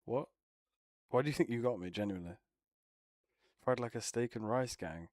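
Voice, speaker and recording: A man's voice: mid-range voice, moderate pace, darkish tone, no echo, clean studio sound. Laughing, swearing young man. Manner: swears often, teasing, laughs a lot. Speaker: streamer. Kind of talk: casual banter with friends.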